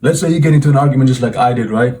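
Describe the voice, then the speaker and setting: A man's voice: medium pitch, racing, mellow. A young man, a self-improvement vlogger telling a personal story in an informal, earnest way and often calling the listener "bro". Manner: informal, peppers talk with "bro", reflective and earnest. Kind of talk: casual storytelling monologue to camera.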